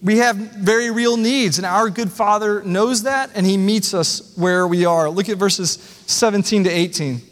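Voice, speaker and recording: A man's voice: sits high, unhurried, hardly any pauses, in a large hall. A man preaching a sermon as the pastor, earnest and conversational, asking the congregation rhetorical questions. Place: church sanctuary.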